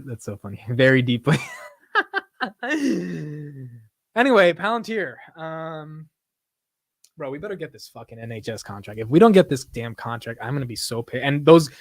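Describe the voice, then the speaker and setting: A man's voice: mid-range voice, dry recording. Casual slangy young man, dry sound. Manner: laid-back slangy banter, laughs often. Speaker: livestream host. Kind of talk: casual livestream chat.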